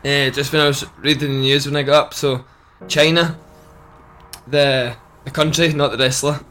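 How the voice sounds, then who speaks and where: A man's voice: medium pitch, level tone, moderate pace, a bit bright. A man co-hosting a podcast, recounting a funny news item in hesitant casual chat with chuckles. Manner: hesitant, chuckling, lots of fillers. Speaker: podcast co-host.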